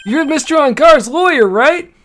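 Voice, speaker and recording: A woman voicing an eager young male police officer who talks loudly and brags about his mascot in a fan dub of a game. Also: high-pitched, expressive, normal speed, voice pushed up. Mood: chatty. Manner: loud and chatty, bragging about his mascot.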